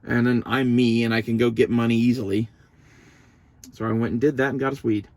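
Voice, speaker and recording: A man's voice: mid-range voice, little pitch movement, a little fast, a little mellow, no echo. A young man, talking to the camera in a loose, profane, meandering monologue that turns emotional at times. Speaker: vlogger. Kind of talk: casual rambling monologue.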